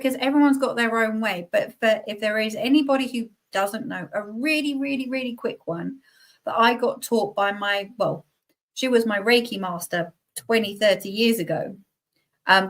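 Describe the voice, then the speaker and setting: A woman's voice: on the high side, a bit bright. A middle-aged woman, a guest healer giving casual, chatty advice and laughing at herself.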